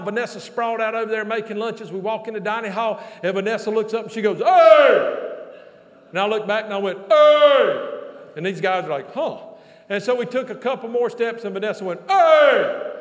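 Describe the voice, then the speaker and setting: A man telling a folksy, animated sermon story as a pastor, with loud exclamations. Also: sits high, fast, hardly any pauses. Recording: long hall reverb.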